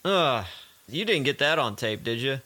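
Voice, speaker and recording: A man's voice: medium pitch, animated, moderate pace, a crowd in the background. A man who works as a radio DJ, hosting a casual interview, asking questions and laughing along. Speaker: radio DJ host.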